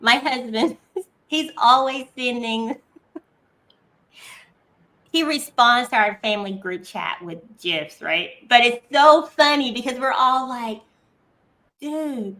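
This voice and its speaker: Slow, high-voiced woman podcast host. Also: pushed and bright. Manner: playful, laughs often, acts out quotes. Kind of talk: casual chat.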